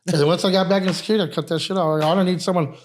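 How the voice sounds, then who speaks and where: A man who runs a nightlife security company, telling profane, animated stories in a casual podcast chat. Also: sits high, racing, a little hiss or hum.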